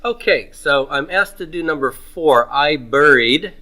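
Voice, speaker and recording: A middle-aged man teaching Hebrew grammar in a homework review lecture. He asks questions and answers them himself, drawing out words slowly. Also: on the high side, animated, pushed and bright, rough recording.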